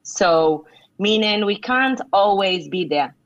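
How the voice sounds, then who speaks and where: A middle-aged woman author answering interview questions with earnest, conversational advice, filling pauses with "you know". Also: mid-range voice, animated, no echo. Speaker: author and leadership speaker. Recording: dull lo-fi sound.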